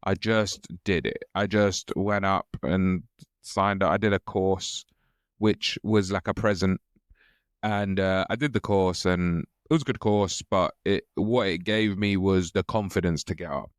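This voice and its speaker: A man's voice: deep voice, measured pace, clear, resonant tone, no echo, clean studio sound. A man, a stand-up comedian guest, chatting casually and telling self-mocking jokes. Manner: laid-back, joking, self-mocking. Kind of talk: casual podcast chat.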